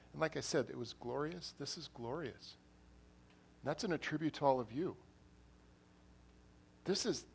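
A man's voice: mid-range voice, vocal fry, slightly rough. A man who is an assistant pastor, preaching an earnest sermon in a church, repeating phrases and rising to emphatic bursts. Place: church hall.

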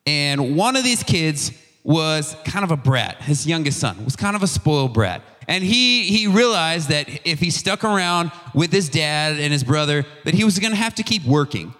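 A man's voice: a little high, moderate pace. Young male youth pastor in a reverberant hall. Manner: conversational, animated storytelling with slang and restarts. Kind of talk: casual youth sermon.

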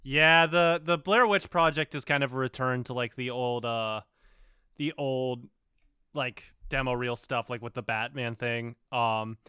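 Bright, crisp-voiced man chatting casually. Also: medium pitch, measured pace, dry recording, studio quality. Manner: loose, laughing, swears freely. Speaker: podcast co-host. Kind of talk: casual chat reviewing a show.

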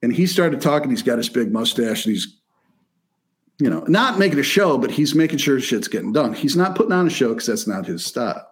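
A man from Michigan telling a story in a casual chat, animated and profane, acting out the people he quotes. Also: mid-range voice, brisk. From Michigan, near Detroit.

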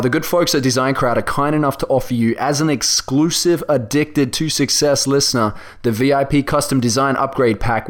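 An Australian man hosting a podcast, reading an ad and opening an interview in an upbeat, salesy way. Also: medium pitch. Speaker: podcast host.

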